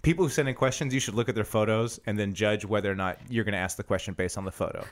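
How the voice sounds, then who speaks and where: A man co-hosting a comedy podcast, chatting casually, quick and joking, often laughing. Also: fairly low pitch, fairly even intonation, slight background noise. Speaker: podcast co-host.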